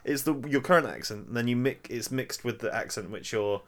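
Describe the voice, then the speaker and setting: A man's voice: mid-range voice, expressive, a little fast, fairly bright tone. A young man in casual podcast chat, hesitant and often repeating words as he searches for them. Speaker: podcast co-host.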